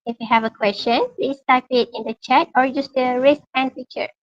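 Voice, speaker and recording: Woman, moderator, high voice, polite script, muffled call audio. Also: fairly even intonation, moderate pace. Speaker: session moderator. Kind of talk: formal announcement. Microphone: video call.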